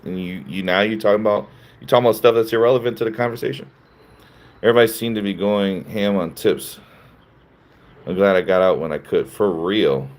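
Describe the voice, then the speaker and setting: A man hosting a livestream, reading chat comments and answering them in a sarcastic, mocking way with frequent laughs. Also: lowish voice. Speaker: livestream host.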